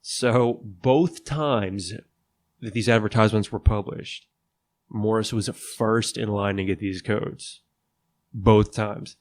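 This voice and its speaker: Laid-back low-voiced man hosting a podcast. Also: fairly even intonation, slow. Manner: laid-back and jokey, says "dude" a lot. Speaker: podcast host. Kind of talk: casual solo legal podcast chat.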